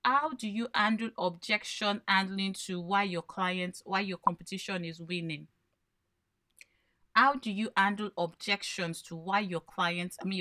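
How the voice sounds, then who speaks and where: A woman's voice: mid-range voice, sharp tone. A woman coaching small business owners in a live workshop, explaining by posing questions and then answering them. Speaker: branding coach.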